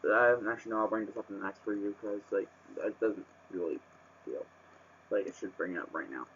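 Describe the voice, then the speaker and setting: A man's voice: on the low side, fairly quick, fairly bright tone, a little hiss or hum. A man reviewing a book in a casual vlog, rambling with lots of fillers and restarts, and bursting into exasperated rants. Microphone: webcam microphone. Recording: muffled webcam audio.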